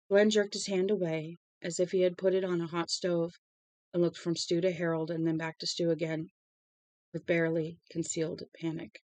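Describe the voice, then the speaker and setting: A woman's voice: fairly low pitch, no room sound. A woman reading a novel aloud as a storybook narrator. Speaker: audiobook reader.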